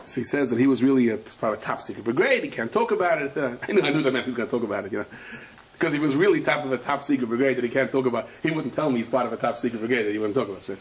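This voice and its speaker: A middle-aged man, a rabbi, giving a sermon full of animated, rapid storytelling. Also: medium pitch.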